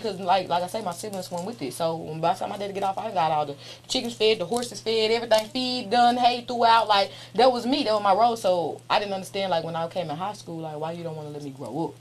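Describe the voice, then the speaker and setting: A young woman talks candidly as an interview guest, blunt and heavy with profanity. She laughs often and speaks at a middle pitch. A faint hum sits behind her voice. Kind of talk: casual candid chat.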